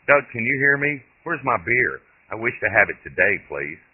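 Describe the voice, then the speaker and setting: A man voicing a bossy, foul-mouthed old great-grandmother, speaking bluntly and demandingly in a husky voice. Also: low voice, animated, a little fast. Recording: tinny lo-fi phone-like audio.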